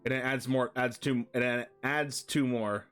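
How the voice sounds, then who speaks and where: A man chatting casually on a live stream, thinking aloud in quick rambling asides while building a card deck. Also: mid-range voice, fairly even intonation, fairly bright tone, clean tone, soft background music.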